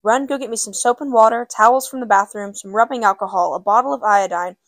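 A woman reading aloud and voicing a mother who stays calm while tending a hurt child. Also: medium pitch, fast, no echo, lightly acted. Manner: steady, instructing.

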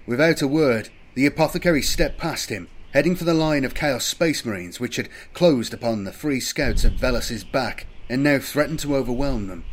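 A man giving steady, measured scripted narration of an audiobook. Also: mid-range voice.

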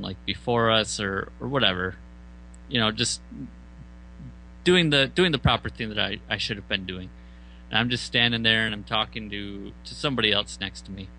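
A man casually telling a band story, swearing often and acting out loud outbursts. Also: on the low side, a little hiss or hum, rough recording. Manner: profane, animated retelling with loud mock outbursts.

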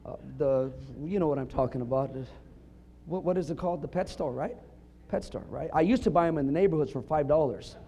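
A middle-aged man preaching a sermon, telling funny stories with punchlines and building up to emphatic shouts. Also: on the high side, fairly quick. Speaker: pastor.

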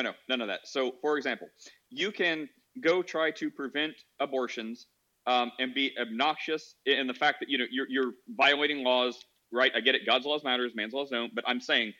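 Bright-voiced earnest man, lo-fi audio. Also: medium pitch. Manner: earnest, acts out quoted voices. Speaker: podcast host. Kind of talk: casual Christian discussion.

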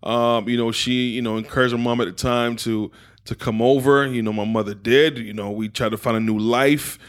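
A man from England with an American accent, a guest telling his story in a relaxed, reflective way and often saying "man". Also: mid-range voice, moderate pace. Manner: laid-back, reflective, peppers talk with "man". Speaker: podcast guest, poet and entrepreneur. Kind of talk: casual conversational interview.

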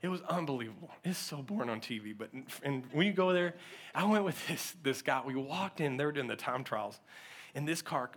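A male pastor preaching a sermon, telling stories with lively acted-out quotes and frequent laughter. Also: mid-range voice, brisk, slightly rough. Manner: animated storytelling, acts out quotes, often laughs.

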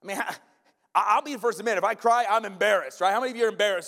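A man preaching a sermon in a church, animated and emphatic, often turning to the congregation with asides. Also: sits high, very fast, vocal fry. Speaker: pastor. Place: church sanctuary. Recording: long church-hall reverb.

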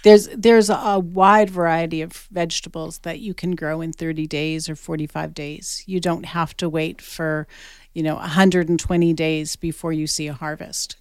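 Low-voiced woman podcast host. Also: fairly even intonation, moderate pace, a little mellow, clear, resonant tone, dry recording, clean studio sound. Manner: brief affirming interjections. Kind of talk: casual podcast conversation.

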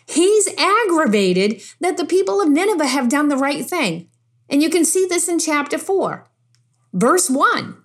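Woman preacher with a slightly high voice, stressing points through repetition, chatty asides between verses. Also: big pitch swings, a little slow. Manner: emphatic, repeats phrases for stress; conversational asides mixed with scripture. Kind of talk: sermon.

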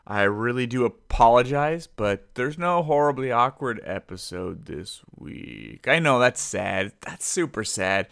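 Goofy, bright-voiced podcast host. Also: male voice, medium pitch, animated, unhurried, gravelly, few pauses, smooth, no echo, clean studio sound. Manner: goofy, self-deprecating, jokey; conspiratorial hushed teasing at the start. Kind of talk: casual rambling podcast intro.

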